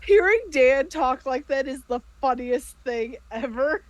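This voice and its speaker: A woman with a fairly high voice, chatting in a playful, easygoing way. She talks about a game she plays in. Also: animated, measured pace, no echo. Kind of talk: casual chat.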